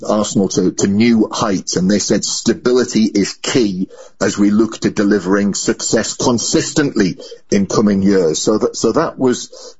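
A man speaking as a football correspondent in a live news interview, measured and given to restarting his sentences. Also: on the low side, darkish tone, slightly rough, dull audio.

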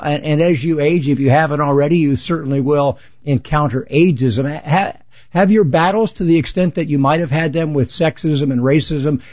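A man hosting an interview, asking questions in a friendly, halting way with restarts. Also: fairly high pitch, darkish tone. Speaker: interview host. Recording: dull lo-fi recording.

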